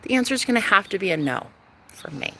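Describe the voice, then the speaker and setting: A young woman talking to camera in a casual vlog, sassy, profane and dramatic, swinging between loud outbursts and hushed asides. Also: medium pitch, lively intonation, racing, slight background noise. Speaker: vlogger.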